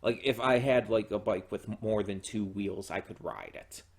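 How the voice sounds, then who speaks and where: A man's voice: on the low side, moderate pace, creaky, husky. A man hosting his own channel, talking casually and enthusiastically with lots of fillers, restarts and swearing. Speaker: reaction channel host. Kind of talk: casual solo commentary.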